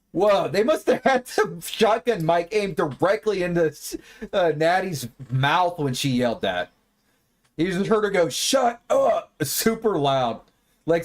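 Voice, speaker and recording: A man talks through a wrestling broadcast in a loose, offhand way, cracking wry remarks and dropping the odd swear. His voice sits a little high and moves around a lot, rising and falling with animated energy. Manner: chatty, wry, swears casually. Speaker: watch party host. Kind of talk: casual live commentary on a wrestling broadcast.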